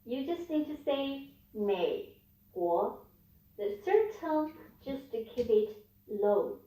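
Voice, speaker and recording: Slow, calm woman teaching tones. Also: sits high, roomy sound, distant mic, poor audio. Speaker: language teacher. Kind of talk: instructional video explanation.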